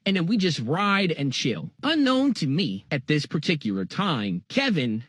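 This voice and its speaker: A man spinning a comic story from his childhood in loose, profane slang, tossing in jokey asides. His voice runs high and leaps all over the place. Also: big pitch swings, a little slow, fairly bright tone, no room sound. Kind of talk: casual comedic storytelling.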